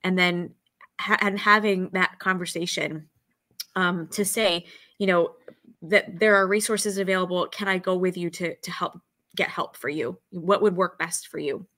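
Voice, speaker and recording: A woman's voice: fairly low pitch, steady tone, normal speed, bright, forceful tone, no echo. A woman talking earnestly in a casual podcast conversation, acting out quoted dialogue as she talks about suicide prevention training.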